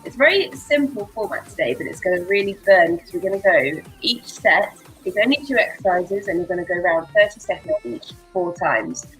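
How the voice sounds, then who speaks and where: A woman's voice: lowish voice, expressive, brisk, hardly any pauses, a bit bright, soft background music, rough recording. A woman with an English accent, leading a live workout class in a bubbly, rambling way and laughing often. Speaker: fitness instructor.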